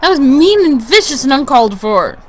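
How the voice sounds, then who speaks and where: Brief: woman co-commentator; high, fretful, openly biased. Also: sing-song, a little fast. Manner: playfully partisan, fretful. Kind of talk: casual commentary.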